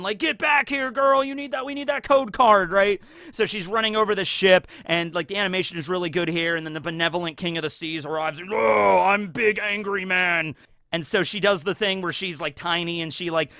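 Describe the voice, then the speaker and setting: An excitable man rambles through a casual anime recap, full of fillers and tag questions. His voice sits a bit high and sounds bright and forceful. The recording is dry and close. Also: clean tone, no room sound. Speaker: YouTuber.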